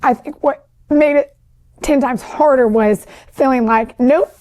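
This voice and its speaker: A woman with a high-pitched voice tells her story as a podcast guest. She is talkative, and her sentences spill out with lots of "like" and "um.". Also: a little slow, a little mellow. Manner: talkative, with many fillers like "like" and "um"; describes herself as an overachiever and people pleaser who is always talking. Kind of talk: emotional personal storytelling.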